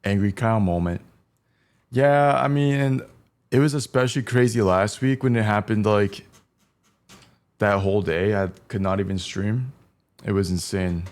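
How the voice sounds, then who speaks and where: His voice is on the low side and a little mellow as this young man chats through a cooking stream, a bit slowly and with long pauses. He's blunt, cusses freely, and hums or sings between his stories.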